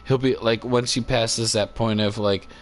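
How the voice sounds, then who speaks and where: A man chatting casually on a livestream into a phone, laughing often and talking in loose, halting, filler-filled sentences. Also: lowish voice, steady tone, a little hiss or hum. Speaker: live streamer. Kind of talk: rambling casual chat. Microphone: phone on a cord.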